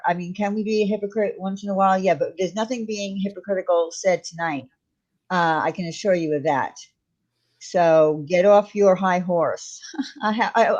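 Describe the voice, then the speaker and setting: A woman's voice: medium pitch, highs cut off. A woman hosting a casual live stream, talking defensively and repeating her points for emphasis. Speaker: channel host.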